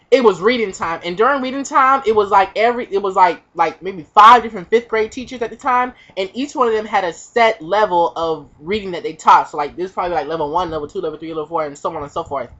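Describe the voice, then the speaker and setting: A young woman vlogger telling a comic personal story, animated and profane, acting out the voices of the people in it. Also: medium pitch, brisk, few pauses. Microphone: webcam. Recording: dull lo-fi webcam audio.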